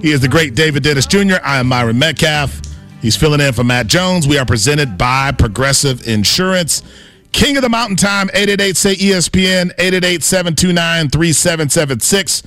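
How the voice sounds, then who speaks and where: A man's voice: fairly high pitch, brisk, a bit bright, soft background music. A man co-hosting a sports radio show, chatting casually and playfully, joking around with put-on accents. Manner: playful, jokey, tries out silly accents.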